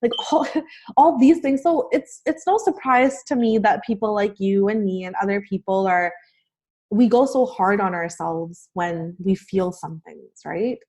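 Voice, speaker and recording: A woman's voice: mid-range voice, a little slow, darkish tone. A young adult woman, a life coach, talking as a guest in a casual podcast conversation, earnest and encouraging, with many fillers.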